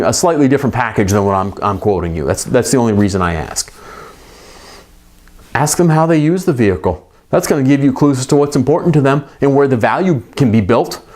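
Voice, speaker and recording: A middle-aged man coaching repair shop owners in an emphatic, conversational way with quick asides. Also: medium pitch, big pitch swings, darkish tone. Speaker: business coach for repair shops.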